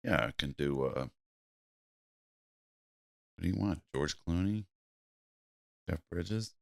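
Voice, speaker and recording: A man co-hosting a podcast in casual chat, reading listener complaints aloud in a lively way. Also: low-pitched, slow pace, gravelly. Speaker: podcast co-host.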